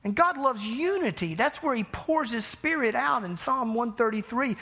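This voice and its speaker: A man preaching a sermon, telling a personal story in a conversational, animated way with self-deprecating laughs. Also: very high voice, moderate pace, few pauses. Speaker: pastor.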